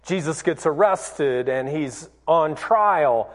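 A man preaching in a church, retelling scripture with lively acted-out voices. His voice sits high for a man, and he takes his time, leaning on words slowly for effect. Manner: animated storytelling, acts out quoted voices. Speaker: pastor. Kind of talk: sermon.

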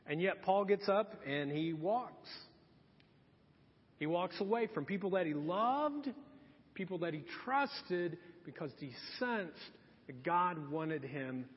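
A man preaching a sermon as pastor, telling the story with lively acted-out quotes. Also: high-pitched, husky. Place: church hall. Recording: dull, long hall reverb.

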